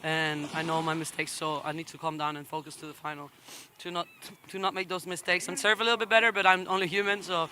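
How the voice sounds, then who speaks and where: A woman from the Canary Islands, a competing athlete, gives an emotional post-heat interview at a beach contest, halting and apologetic, close to tears and laughing through her nerves. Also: fairly low pitch, level tone, background noise.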